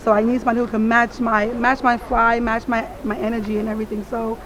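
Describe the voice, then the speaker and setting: A woman's voice: fairly high pitch, flat delivery, fast, noisy background, natural voice. Woman playing a snobby, demanding blind date. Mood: choosy. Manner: picky, mocking, flares into loud tough talk. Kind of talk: comedy sketch acting.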